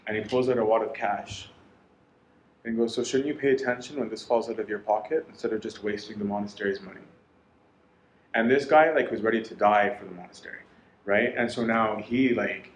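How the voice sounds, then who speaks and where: A man in his thirties giving a lecture, telling a story in lively, animated way and quoting others in dialogue. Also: fairly low pitch, roomy sound, slight background noise, low-quality recording.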